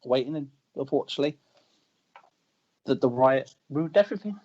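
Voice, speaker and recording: A man's voice: mid-range voice, expressive, normal speed, warm tone. A man, a wrestler, telling brash, boastful stories in a casual interview. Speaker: wrestler guest. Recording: dull lo-fi audio.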